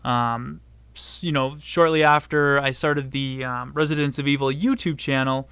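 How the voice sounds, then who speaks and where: Chatty man with a smooth, dry voice. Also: mid-range voice, moderate pace, no echo. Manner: relaxed, chatty, laughs often. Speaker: podcast host. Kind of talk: casual podcast chat.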